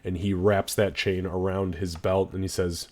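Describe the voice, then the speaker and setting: A man's voice: low voice, flat delivery, moderate pace, darkish tone, slight background noise. A man narrating a tabletop role-playing session as game master, descriptive and swearing freely.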